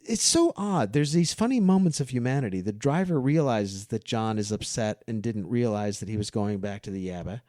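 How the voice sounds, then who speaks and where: A man's voice: lowish voice, lively intonation, normal speed, hardly any pauses, mellow, no echo, studio quality. A man guesting on a podcast, eagerly talking through a film and acting out scenes as he goes. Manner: enthusiastic, acts out film scenes. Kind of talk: casual film discussion.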